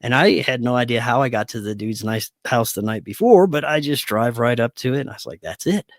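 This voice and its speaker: His mid-range voice runs a little fast as he, a podcast guest, recounts a personal story in a casual interview. He animates it by acting out others' voices and laughing often, in a dry studio-quality recording.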